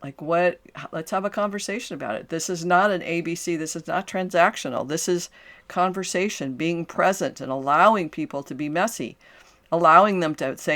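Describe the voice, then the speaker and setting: Older woman coach, earnest and animated. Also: fairly low pitch, moderate pace. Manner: earnest and animated, with frequent restarts and affirming "okay, great". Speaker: transformational coach and podcast host. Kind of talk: solo coaching talk to the camera.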